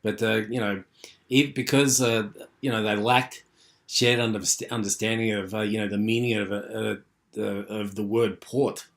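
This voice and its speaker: A man's voice: fairly low pitch, fairly even intonation, moderate pace, a bit bright. A man giving an unscripted university lecture, rambling with many fillers and restarts.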